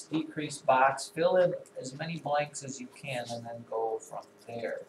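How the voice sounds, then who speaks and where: A man's voice: mid-range voice, measured pace, few pauses. A man teaching a classroom math lesson, talking students through a problem with dry, teasing asides. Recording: echoey classroom, voice from far off, clear noise.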